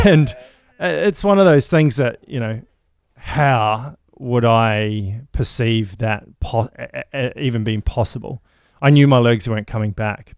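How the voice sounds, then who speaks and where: A man's voice: lowish voice, smooth, no echo, clean studio sound. A man being interviewed, telling his story frankly and swearing casually. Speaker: interview guest, athlete.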